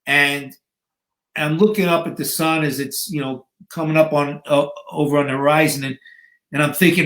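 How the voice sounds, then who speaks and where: A man's voice: a little high, normal speed, fairly bright tone. A man in his fifties, a guest in an interview, telling a story vividly and acting out the scenes. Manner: vivid, dramatic storyteller who acts out scenes. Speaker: guest, bodybuilder and fitness coach. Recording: echoey room.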